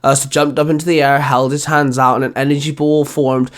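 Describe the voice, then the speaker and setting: A man's voice: medium pitch, little pitch movement, a little fast. A man narrating his own fan fiction as a storybook reading, with small stumbles. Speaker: fanfiction reader and narrator.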